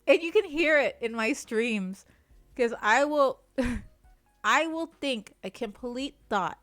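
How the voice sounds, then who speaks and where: A woman's voice: on the high side, lively intonation, slow pace, a bit bright, no echo, soft background music. Laughing, swearing woman podcast co-host. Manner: laughs often, swears, trails off mid-sentence. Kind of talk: casual chat. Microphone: streaming mic.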